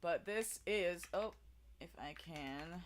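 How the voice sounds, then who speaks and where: A woman's voice: lowish voice, takes it slowly. A young adult woman chatting casually to her stream audience, rambling with many fillers and restarts. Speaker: streamer hosting a karaoke stream.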